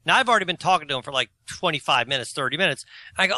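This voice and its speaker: Forties guy rambling through a story, high bright voice that jumps all over, dry close sound. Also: animated, racing, dry recording. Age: 40s. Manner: rambling storyteller, self-mocking, laughs at himself; opinionated and argumentative. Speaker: co-host. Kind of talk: casual podcast chat.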